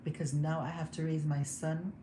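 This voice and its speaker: A young woman talks candidly to her viewers, emotional and quick to laugh. Her voice sits a little low. The phone recording is roomy and echoey, with a steady noise under it. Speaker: vlogger. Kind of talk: casual livestream chat. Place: home room. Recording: echoey room with background noise.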